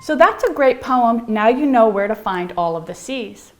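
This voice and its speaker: A middle-aged woman with a fairly high, lively voice leads a playful piano lesson at a normal pace. Bubbly and theatrical, she sing-songs rhymes and drops into whispers now and then.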